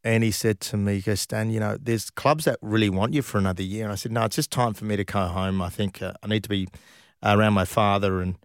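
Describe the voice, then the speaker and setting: A man's voice: fairly low pitch, steady tone, fast, clean tone, dry recording, studio quality. A man, a former footballer telling stories casually in an interview, often laughing as he goes. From Australia. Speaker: former professional footballer, guest.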